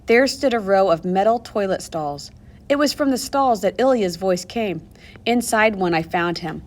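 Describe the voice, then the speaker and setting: A woman narrating a novel aloud in the first person, expressive and moving between hushed and urgent tones. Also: mid-range voice, normal speed. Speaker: audiobook narrator.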